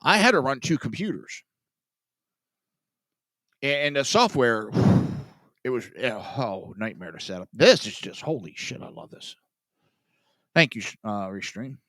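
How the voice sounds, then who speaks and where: A man hosting a political commentary podcast, sarcastic and profane, sighing and swinging between loud outbursts and mutters. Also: mid-range voice, very animated, measured pace, long pauses, no echo. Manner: sarcastic, profane, self-mocking. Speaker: podcast host.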